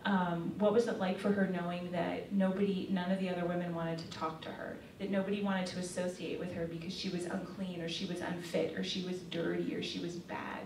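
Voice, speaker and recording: A woman's voice: fairly low pitch, little pitch movement, fairly quick, few pauses, a little mellow, slight background noise. A woman giving a casual faith talk to young women, telling a story in a chatty way with lots of fillers. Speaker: speaker. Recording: echoey room, mic far off.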